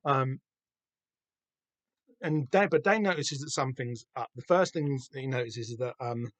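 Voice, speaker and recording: A man with a Southern English accent hosting a podcast, chatting casually and excitedly about a comic, swearing freely and rambling with lots of fillers. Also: medium pitch, moderate pace, no echo. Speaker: podcast host. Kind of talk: casual comic book discussion.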